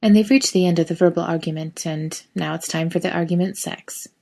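Brief: woman narrator, low-ish, expressive storybook reading. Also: brisk, creaky. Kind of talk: reading fiction aloud.

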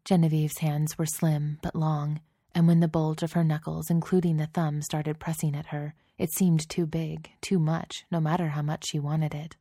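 A woman narrating a scripted story in a steady, intimate reading voice, close to the mic. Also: deep voice, normal speed, dry recording.

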